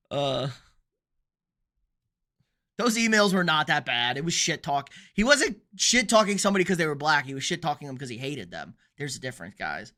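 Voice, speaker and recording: Young guy streaming sports reactions, bright punchy voice, blunt and swears a lot, reads chat. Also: fairly high pitch, sing-song, normal speed. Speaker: sports livestream host. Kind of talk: casual livestream commentary.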